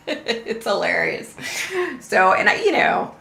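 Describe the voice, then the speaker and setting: A middle-aged woman talks casually to her livestream viewers, chatty and loose with swear words. Her voice is gravelly, bright and a little low, and it carries an echo from the room. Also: moderate pace, a little hiss or hum. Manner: chatty, swears freely, drawls "y'all". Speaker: host of a livestream.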